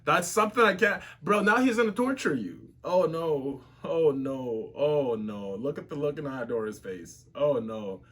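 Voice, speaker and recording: A man reacts to a comic in a casual, slang-heavy way, full of exclamations. His voice sits high for a man. He talks at an unhurried pace between his outbursts. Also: animated, fairly bright tone, slightly rough. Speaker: webtoon reactor.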